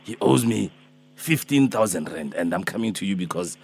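A man's voice: low voice, lively intonation, moderate pace, creaky, darkish tone, slightly rough, heavily acted. A man voicing a fussy, pleading elderly man who chases a debt in a prank phone call, rambling and hesitant. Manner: rambling, hesitant, calls her Mama and my darling.

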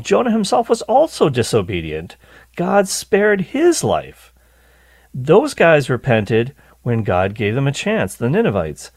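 A man hosting a radio Bible teaching show, talking in an animated way and often repeating words as he starts a thought. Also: a little high, dry recording. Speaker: radio host.

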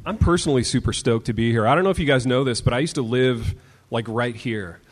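A man's voice: medium pitch, quick pace. A man hosting a live podcast before an audience. He announces the plans for the evening and teases his co-hosts, calling them baby. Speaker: host. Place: live stage show in a hall. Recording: live hall with long reverb.

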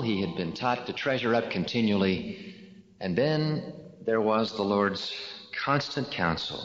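Man, sermon, deliberate storytelling, low voice, roomy echo. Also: a bit bright. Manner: slow, deliberate storytelling with dramatic pauses. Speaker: religious speaker. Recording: echoey hall, dull lo-fi sound.

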